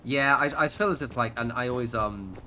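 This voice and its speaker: A British man chats loosely on a gaming livestream, his voice bright and forward. He wanders through his points with plenty of ums, false starts and casual swearing, over a faint hum of background noise. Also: medium pitch, fairly quick. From United Kingdom. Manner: rambling, sweary, many fillers and restarts.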